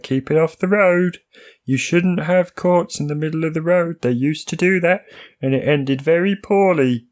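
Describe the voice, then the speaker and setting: A man's voice: medium pitch, a little mellow, voice pushed up, close to an everyday voice. A man voicing a rambling male character who drifts off on pointless tangents.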